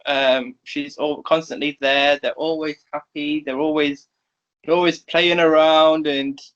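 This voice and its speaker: A man describes what his character has been up to in a tabletop game, halting and hunting for words. His voice sits a little high for a man. The recording sounds dull and lo-fi. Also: level tone, a bit bright. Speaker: player.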